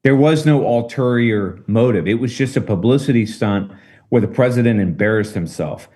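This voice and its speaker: A man talking through current politics in a casual discussion, measured and emphatic, with rhetorical questions. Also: medium pitch, darkish tone. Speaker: political commentator.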